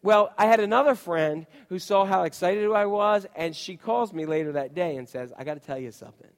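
A man's voice: high-pitched, moderate pace. Man, pastor, sermon, storytelling, asks the congregation questions, long hall reverb. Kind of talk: sermon with personal stories.

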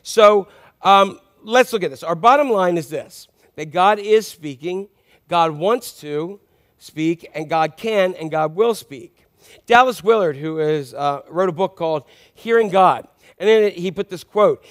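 High-voiced man preaching casually. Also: a little slow. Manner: conversational, asks the congregation questions. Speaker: pastor. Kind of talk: sermon.

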